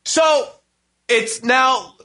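A man's voice: extremely high pitch, extremely slow, pushed and bright. A man hosting a radio talk show, telling a profane story in casual chat and acting out the quotes with laughs. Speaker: host.

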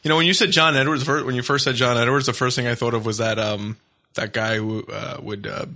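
A man's voice: mid-range voice, steady tone, fairly quick, bright, forceful tone. A man co-hosting a radio talk show, wry and teasing, chuckling through casual banter. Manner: wry, teasing, laughs easily.

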